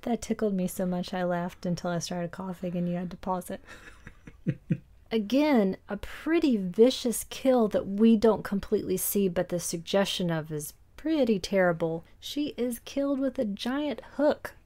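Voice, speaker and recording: A woman's voice: mid-range voice, normal speed, dark tone. A woman co-hosting a film podcast, recapping scenes in detail in a casual discussion and laughing easily. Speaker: podcast co-host.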